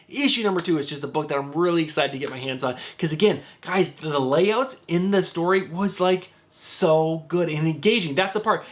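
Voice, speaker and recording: A man's voice: sits high, fairly bright tone. A man hosting a casual comic book vlog, talking to his viewers with gushing enthusiasm. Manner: addresses viewers as guys. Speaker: comic book channel host.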